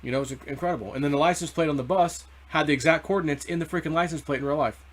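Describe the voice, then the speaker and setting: A man's voice: fairly high pitch, racing. A man hosting a casual crypto video, rambling through a dream story with many restarts. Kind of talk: casual monologue.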